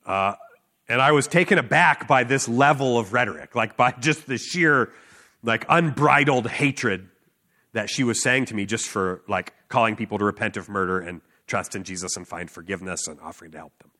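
Earnest man preaching, bright edgy voice sitting a little low, emphatic with loose fillers. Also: normal speed. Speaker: street preacher. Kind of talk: sermon with personal story.

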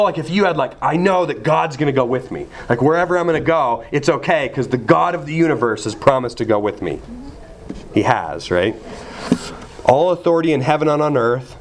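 A man preaching a sermon, earnest and emphatic, asking his listeners rhetorical questions. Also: mid-range voice. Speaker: pastor.

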